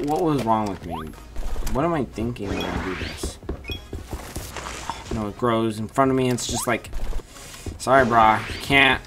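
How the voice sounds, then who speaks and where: A woman giving excitable gameplay commentary, chattering at the game and breaking into sudden yelps. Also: low-pitched. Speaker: gaming channel host. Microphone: USB desk microphone.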